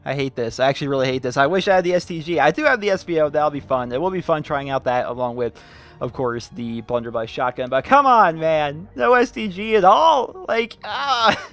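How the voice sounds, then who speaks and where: A young man giving gameplay commentary while opening loot drops, talking in an animated, exasperated, pleading way. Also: a little high, brisk, faint music behind. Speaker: gaming YouTuber.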